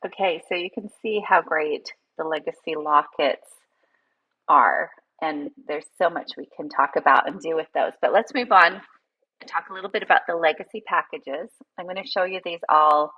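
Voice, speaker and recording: A woman with a low voice and a slightly husky, breathy tone walks through a set of products. She talks informally, with plenty of fillers and small restarts. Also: moderate pace, dull audio. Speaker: product presenter. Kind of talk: casual product walkthrough.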